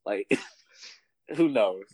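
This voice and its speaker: A man's voice: medium pitch, husky, no echo. A man co-hosting a casual podcast, telling a story with lots of laughter. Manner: animated storytelling, laughs often, does voices in anecdotes. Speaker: podcast co-host.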